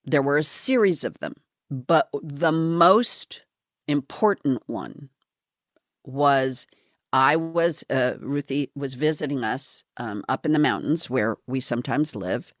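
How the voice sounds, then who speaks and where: A woman hosting a podcast, talking in an earnest, halting and openly confessional way. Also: a bass voice, animated, no room sound, studio quality. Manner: earnest, halting, self-revealing. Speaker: podcast host.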